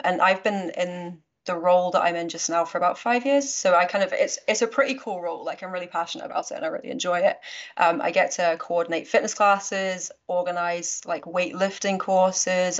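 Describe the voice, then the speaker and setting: A young woman with a Midlands English accent touched by a Scottish twang, chatting easily and filling her talk with "um" and "like". Her voice sits a little low. The recording is muffled and lo-fi. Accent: English Midlands with a slight Scottish twang. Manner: chatty, laughs easily, many fillers. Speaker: guest fitness coach. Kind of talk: casual podcast chat.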